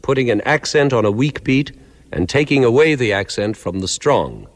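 A man giving a clear, measured lecture that explains musical ideas step by step, sometimes counting out beats. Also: medium pitch, expressive, in a large hall.

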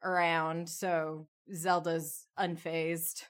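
A woman's voice: low-pitched, little pitch movement, extremely slow. A woman playing a tabletop role-playing game in an offhand, unbothered way. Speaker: player. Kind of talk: casual tabletop role-play.

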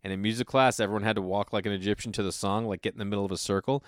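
A man's voice: lowish voice, steady tone, very fast, clear, resonant tone, dry recording, studio quality. A man in his thirties, a comedian hosting his own podcast, telling loose, profane stories and acting out the people he quotes. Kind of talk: casual storytelling monologue.

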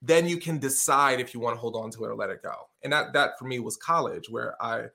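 A middle-aged man talking in a casual conversation, animated and acting out what people said. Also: mid-range voice, brisk, gravelly. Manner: animated storyteller, acts out quotes.

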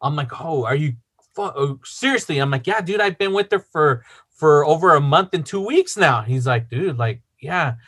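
Bright-voiced man telling a rambling story. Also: fairly high pitch, expressive, normal speed, breathy edge. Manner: rambling, heavy fillers, swearing. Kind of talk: casual storytelling.

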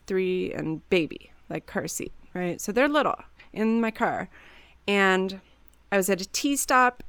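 A woman's voice: mid-range voice, creaky, smooth, no echo. A woman, a mother in her thirties, chatting casually and acting out quoted lines as she tells stories. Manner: animated storyteller, acts out quotes. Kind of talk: casual chat.

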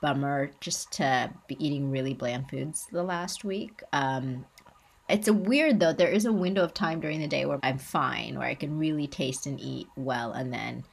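Raspy, low woman with a cold. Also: moderate pace. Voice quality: lower and raspier than usual. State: has a cold. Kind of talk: casual chat.

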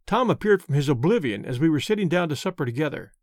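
A man's voice: a little high, big pitch swings, quick pace, a little mellow, no room sound, clean studio sound. A man narrating a novel as an audiobook, giving each character a voice.

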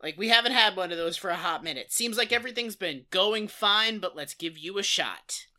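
A woman co-hosting a podcast in casual comedic chat, rambling with plenty of "like" and casual swearing. Her voice sits mid-range and sounds bright. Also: mid-range voice, brisk. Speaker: podcast co-host.

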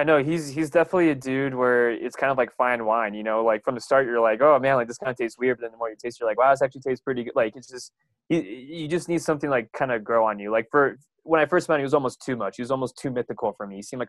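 A man's voice: medium pitch, fast, no echo, low-quality recording. A young man, a runner, telling rambling stories about his coach with lots of fillers and laughs. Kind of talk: casual storytelling.

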